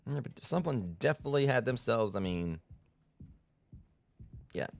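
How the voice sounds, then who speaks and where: A man's voice: mid-range voice, expressive, normal speed, vocal fry. A man giving rambling, self-deprecating let's-play commentary as a game streamer, full of fillers and restarts.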